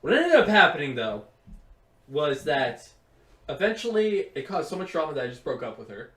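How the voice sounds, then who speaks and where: A young man co-hosting a podcast, telling a story in a rambling, profane, animated way. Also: fairly high pitch, moderate pace, slight background noise. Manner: rambling, profane, animated retelling with quoted voices. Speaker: podcast co-host. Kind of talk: casual storytelling chat. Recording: roomy, far from mic.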